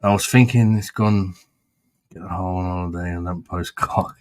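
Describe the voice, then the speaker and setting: A man talking casually about beer in a blunt, sweary way. His voice sits a bit low, and he laughs easily. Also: normal speed. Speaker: beer reviewer host. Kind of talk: casual chat.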